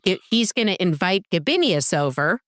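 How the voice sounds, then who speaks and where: A woman with a lowish voice co-hosts a podcast, speaking at normal speed in a dry, studio-quality recording. She recaps a TV episode in casual chat, telling it animatedly and acting out the characters' lines.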